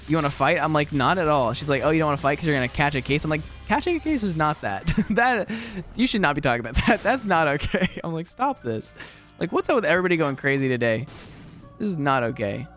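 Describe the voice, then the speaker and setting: A man's voice: a little high, lively intonation, quick pace, a bit bright, soft background music. A young man giving casual, rambling gameplay commentary, laughing often and poking fun at himself while he tells stories from his teaching day. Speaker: gaming video creator and teacher.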